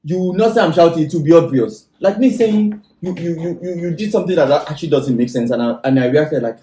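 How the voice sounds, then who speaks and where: Male podcast panelist, warm low timbre, presses his point, roomy sound. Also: quick pace, few pauses, slight background noise. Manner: insistent, argues with repeated restarts. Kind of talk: casual podcast chat. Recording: echoey room.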